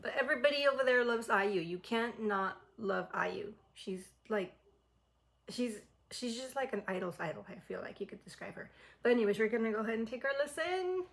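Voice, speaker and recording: A woman hosting a casual reaction video, excitable and chatty, with lots of "like" in her talk. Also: fairly high pitch, a little fast, rough recording.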